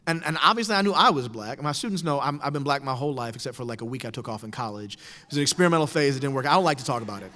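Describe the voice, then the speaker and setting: A man's voice: medium pitch, rapid-fire. A middle-aged man telling a wry personal story to an audience in a lecture hall. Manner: animated, wry, storytelling with quoted voices. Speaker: speaker giving a talk. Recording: lecture hall with long reverb.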